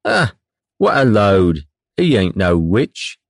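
A man's voice: fairly low pitch, sing-song, slow pace, vocal fry, dry recording, studio quality, full character voice. A man voicing a crowd of rowdy, drunken male pirate crewmen who jeer in coarse slang. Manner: loud, coarse, mocking slang.

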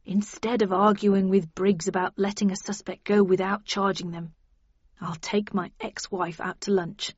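A woman reading a weary, brooding male detective in an audiobook, often slow and sometimes hushed. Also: medium pitch, little pitch movement, breathy edge, no room sound, lo-fi sound, lightly acted. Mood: resolved.

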